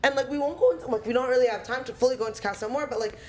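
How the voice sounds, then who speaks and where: A woman co-hosting a podcast, chatting casually and acting out quotes with animated energy. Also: high voice. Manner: animated, quick to chime in, acts out quotes. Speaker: podcast co-host. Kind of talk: casual chat.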